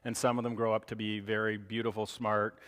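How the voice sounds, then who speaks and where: A man giving a live medical lecture to clinicians, animated and joking, acting out parents' reactions. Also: fairly low pitch, brisk, clean tone, big-room sound.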